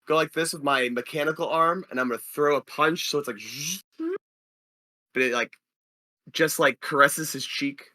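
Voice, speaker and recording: A man's voice: on the high side, fairly even intonation, moderate pace, bright, forceful tone, dry recording. A man playing a tabletop game, chatty and full of restarts. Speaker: player. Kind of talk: casual tabletop play.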